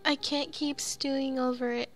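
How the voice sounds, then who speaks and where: A woman's voice: sits high, level tone, normal speed, faint music behind. A woman voicing a timid, tearful young woman in a horror game, reading her pleading, self-blaming lines aloud. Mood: sad.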